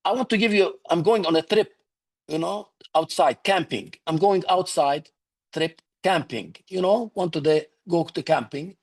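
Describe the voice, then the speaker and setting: Higher-voiced man coaching humor. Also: normal speed, a little mellow. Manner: instructive, repeats "okay?" to check understanding. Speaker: public speaking coach. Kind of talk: online speaking workshop lesson. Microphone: video call.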